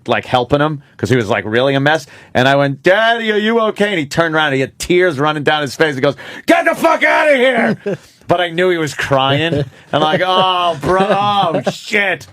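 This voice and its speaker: A man's voice: mid-range voice, fairly bright tone, no echo. A man, co-hosting a radio show and telling stories casually, with lots of swearing and laughter. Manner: profane storytelling, laughs often. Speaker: radio co-host.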